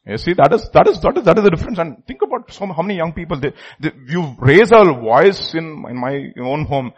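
A man with a high, husky voice delivers a sermon. He drives his points home by repeating phrases and asking the congregation questions, then answering them himself. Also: expressive, brisk, few pauses, dull audio. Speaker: preacher.

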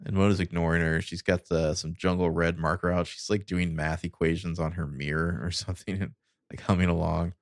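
A man co-hosting a podcast in casual chat, recapping scenes in a loose, relaxed way with wry asides. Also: sits low, fairly quick, no room sound, clean studio sound. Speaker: podcast co-host.

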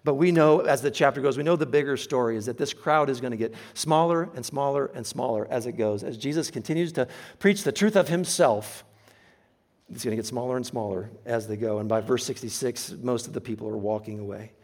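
A man preaching a sermon, earnest and emphatic, slowing down to stress key phrases. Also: medium pitch, a little mellow.

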